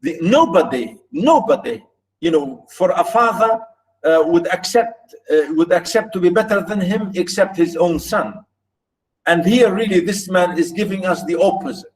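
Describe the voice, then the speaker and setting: A man's voice: high-pitched, animated, normal speed, low-quality recording. A man teaching a literature lesson, explaining a passage by restating points again and again with emphasis. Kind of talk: recorded literature lecture.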